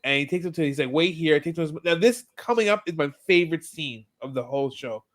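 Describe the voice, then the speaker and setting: A man's voice: fairly high pitch, quick pace. A man co-hosting a podcast, animatedly retelling a TV episode in casual chat and acting out characters' lines. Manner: animated storytelling, acts out lines. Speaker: podcast co-host.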